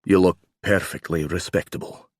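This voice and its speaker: A deep-voiced romantic hero, low and tender, reassuring in a hushed, intimate way, as a male narrator plays him. The voice sits well below the reader's usual pitch and is spoken softly, recorded dry and close. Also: fairly even intonation, moderate pace, no echo. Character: tall rugged man, tender and teasing.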